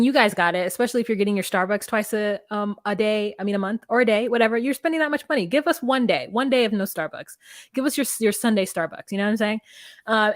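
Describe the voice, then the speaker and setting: A young woman co-hosts a podcast in casual, candid chat and swears freely as she recaps. Her voice sits on the high side. The sound is dry and close. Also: dry recording. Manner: candid, profane, quotes people in voices. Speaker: podcast co-host.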